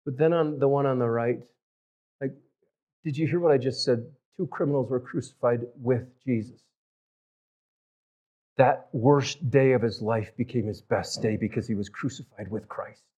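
A man preaching a sermon, telling stories and shifting from loud emphatic lines to near-whispered ones. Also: medium pitch, normal speed, lo-fi sound. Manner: storytelling with big swings from loud to hushed. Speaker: pastor.

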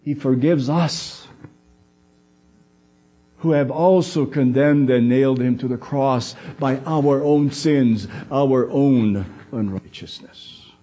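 A man preaching a sermon, slow and deliberate, pausing for emphasis and voicing the quoted words of others. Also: mid-range voice, warm tone, breathy edge.

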